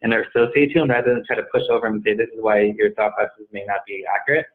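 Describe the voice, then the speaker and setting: Male interview guest, fast storyteller, call-quality audio. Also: lowish voice. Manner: animated, acts out dialogue in retold conversations. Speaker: guest, staffing company head. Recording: tinny phone-like line.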